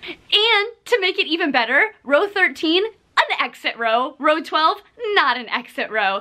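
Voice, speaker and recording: Bright, high-voiced sarcastic woman vlogger. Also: normal speed. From from Texas. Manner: animated, sarcastic, swears freely. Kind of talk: casual storytelling vlog.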